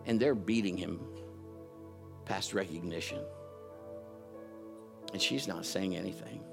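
A man's voice: low-pitched, unhurried, creaky, music in the background. A middle-aged man preaching a sermon, telling family stories with playful mimicry. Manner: storytelling with playful mimicry and loud impressions. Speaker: pastor.

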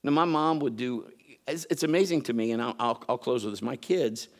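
A man's voice: mid-range voice, fairly even intonation, fairly quick. A middle-aged man preaching a sermon, telling family stories with playful mimicry. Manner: storytelling with playful mimicry and loud impressions. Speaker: pastor.

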